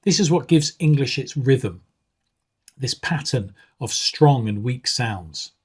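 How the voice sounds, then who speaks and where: A man with a husky, slightly breathy voice explains pronunciation like a patient teacher. He speaks at a middling pitch in a measured way, often filling pauses with um and uh. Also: lively intonation. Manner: measured, with frequent um and uh fillers. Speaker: English exam teacher. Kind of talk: explanatory video lesson.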